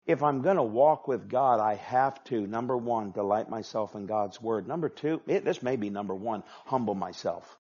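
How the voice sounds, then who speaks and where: A male pastor preaching a sermon with emphatic delivery, swinging from hushed asides to loud, forceful passages. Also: fairly low pitch, animated, moderate pace, hardly any pauses, slightly rough. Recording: dull lo-fi sound.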